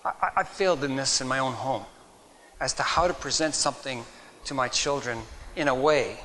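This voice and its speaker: A man's voice: medium pitch, sharp tone, a little hiss or hum, rough recording. A middle-aged man preaching a sermon, reading old-fashioned scripture aloud, then speaking earnestly and unscripted with frequent restarts. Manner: earnest, reads in King James wording then speaks off the cuff with repeated words.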